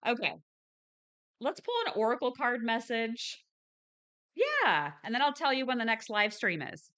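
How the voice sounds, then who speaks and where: A woman's voice: a little high, big pitch swings, measured pace, a bit bright. A woman hosting a spiritual live stream, talking to her viewers in a chatty, upbeat way with frequent ums and restarts. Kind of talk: casual live stream chat.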